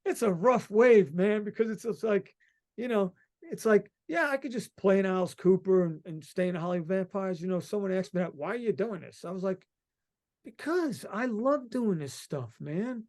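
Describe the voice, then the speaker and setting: A middle-aged man from Long Island, a musician guest telling stories in a rambling, excited way and swearing freely. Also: high voice, brisk. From Long Island, New York. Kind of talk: casual interview chat.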